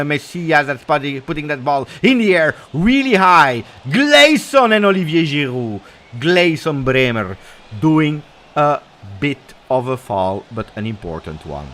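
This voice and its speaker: Excitable middle-aged man calling football live. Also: medium pitch. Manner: excitable play-by-play, peppered with Italian cheers, reads viewer comments. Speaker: live match watch-along host. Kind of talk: live football commentary and chat reaction.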